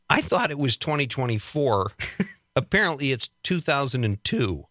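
A man's voice: medium pitch, very animated, a little slow, sharp tone, no room sound, studio quality. A man hosting a radio talk show, chatting casually and joking, laughing often between remarks. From Wisconsin.

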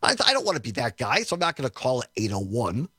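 A man hosting a radio talk show, telling a story in a chatty, animated way, chuckling often and acting out what people said, from a studio. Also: medium pitch, fast, slightly rough, dry recording. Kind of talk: storytelling chat on air.

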